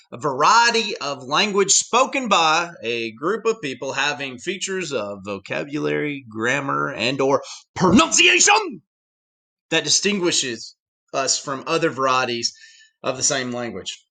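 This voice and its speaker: A man with a Southern US accent giving a chatty classroom lecture full of asides. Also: a little high. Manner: animated, chatty, with many asides. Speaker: teacher.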